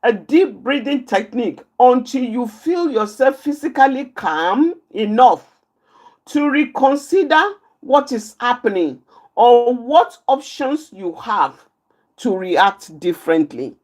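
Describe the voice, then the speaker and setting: Woman speaker, unhurried and deliberate, repeats each point for emphasis while teaching a live group. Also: a little high, animated. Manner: repeats key phrases, slow and emphatic, points out positions with her hands. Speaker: outreach speaker teaching anger management.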